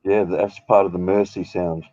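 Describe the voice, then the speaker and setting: A man's voice: deep voice, steady tone, moderate pace, dark tone, dry recording, lo-fi sound. A man in casual chat, teasing and laughing easily.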